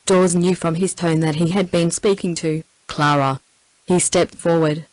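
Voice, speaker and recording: Low-voiced Australian synthetic woman narrator. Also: measured pace, no room sound, poor audio. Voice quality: even synthetic text-to-speech delivery. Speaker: audiobook narrator. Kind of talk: scripted narration.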